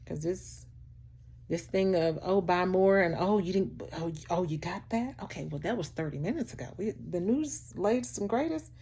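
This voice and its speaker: A woman vlogger gives an animated, preachy, heartfelt pep talk to camera, laughing a lot and using "child" and "baby" for the listener. She speaks on the low side at normal speed, with a little hiss or hum in the audio.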